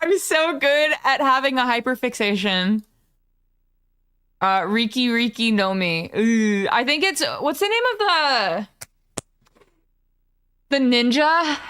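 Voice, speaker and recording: A woman streamer in casual live-stream chat, chatty and excitable, swearing freely as she talks to her viewers. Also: mid-range voice, clean tone.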